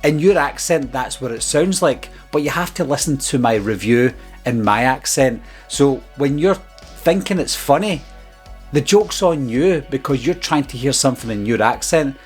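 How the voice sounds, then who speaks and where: A man's voice: medium pitch, animated, moderate pace, husky. A man speaking as a film-review YouTuber, giving an earnest, exasperated casual commentary about his critics. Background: faint background music.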